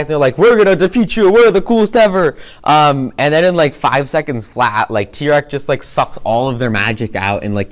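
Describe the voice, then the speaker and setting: Brief: male presenter, smooth clear voice, mid pitch, loose excited recap with lots of fillers. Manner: excited, filler-heavy retelling with many "like"s and "um"s. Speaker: presenter recapping a cartoon episode. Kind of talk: casual rambling recap.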